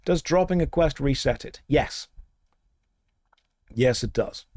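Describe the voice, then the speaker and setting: A man's voice: medium pitch, expressive, slow, a little mellow, dry recording. Dry, sarcastic man streaming. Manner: dry, sarcastic banter with chat. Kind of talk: casual gameplay stream chat.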